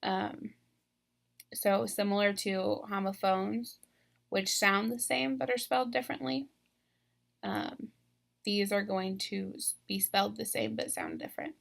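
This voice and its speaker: A woman teaches a lesson on video, patiently guiding listeners through each step and pausing to think aloud. Her voice sits at a middle pitch with a gravelly fry running through it. The delivery is plain and instructional. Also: very animated.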